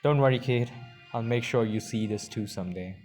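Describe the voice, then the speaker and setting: A man's voice: mid-range voice, fairly quick, darkish tone, soft background music, lightly acted. A man voicing a cocky, roguish male adventurer who teases his companions in a story game. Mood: teasing. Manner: smug, teasing banter.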